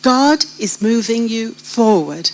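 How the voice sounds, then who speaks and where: A woman's voice: fairly high pitch, expressive, slow pace, poor audio. A British woman telling her story of faith to a church gathering, putting questions straight to her listeners. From Britain. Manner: vivid storyteller who addresses the listeners directly with questions. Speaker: guest sharing her testimony. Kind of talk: testimony told to a church congregation.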